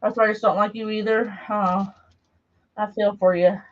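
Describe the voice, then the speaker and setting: A middle-aged woman rambles in easy, casual chat while she crafts live, greeting viewers by name. Her pitch sits in an ordinary middle range. The sound is dull and lo-fi, like a home live stream picked up by a camera mic. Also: flat delivery, moderate pace. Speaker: craft livestream host. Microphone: camera mic while moving around a table.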